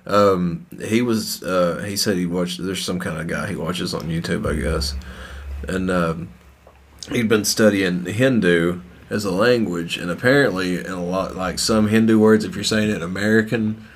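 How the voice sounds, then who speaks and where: Guy with a lowish voice rambling on a podcast, swears a lot, laughs easy. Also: moderate pace, slight background noise. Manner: loose, rambling, swears freely, laughs often. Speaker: podcast co-host. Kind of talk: casual chat.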